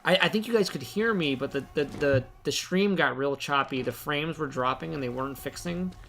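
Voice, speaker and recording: A young man commenting live on his own gameplay, excitable, rambling and poking fun at himself. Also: fairly high pitch, moderate pace, gravelly. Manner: excitable, rambling, self-mocking. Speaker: game streamer.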